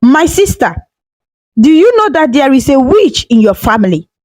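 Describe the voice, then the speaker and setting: A woman's voice: high-pitched, big pitch swings, normal speed, darkish tone, no room sound, low-quality recording. A woman voicing a confident middle-aged male prophet who speaks with grave authority. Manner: grave, commanding pronouncements.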